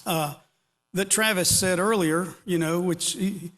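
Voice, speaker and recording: A middle-aged or older man speaks at a conference, his fairly bright, high voice moving at a measured pace. He gives a casual, rambling technical talk to the audience and drops in joking asides. Long hall reverb trails his words.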